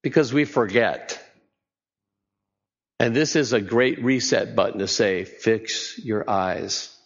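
A man's voice: medium pitch, a little slow, big-room sound, highs cut off. A man preaching a sermon in a conversational way, often putting questions to his listeners. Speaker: pastor.

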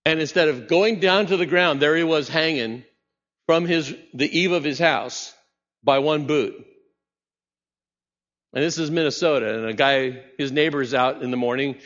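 Pastor preaching in a reverberant hall. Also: male voice, on the high side, normal speed, fairly bright tone. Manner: conversational preaching with rhetorical questions. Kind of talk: sermon. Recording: muffled sound in a reverberant hall.

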